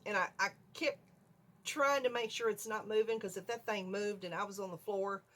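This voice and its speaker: An older woman vlogger tells a story from the video room in her home, speaking casually and with animation at a medium pitch and normal speed. She often checks in with her audience by asking "okay?"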